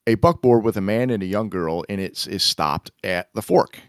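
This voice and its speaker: A man's voice: fairly low pitch, normal speed, smooth, no room sound, studio quality. A man co-hosting a film podcast in casual chat, laughing often and poking fun at himself while he reads from a screenplay. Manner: chuckling, self-deprecating, reads script aloud. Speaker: podcast co-host.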